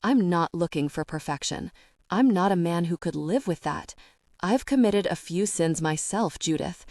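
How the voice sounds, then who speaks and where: A woman voicing a tender, protective grown man who speaks in soft, soothing reassurances. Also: lowish voice, expressive, moderate pace, no room sound, studio quality.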